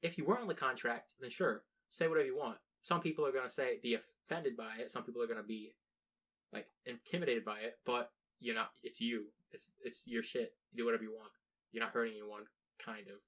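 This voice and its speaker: A man's voice: mid-range voice, fairly quick, fairly bright tone. Young man rambling through a casual podcast chat. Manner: rambling, swears freely, frequent restarts. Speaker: podcast co-host.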